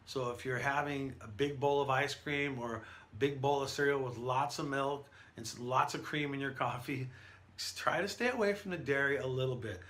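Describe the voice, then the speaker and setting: A man who works as a professional event announcer, giving an energetic, conversational lesson with stories from his career. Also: mid-range voice, moderate pace. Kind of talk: instructional talk to camera.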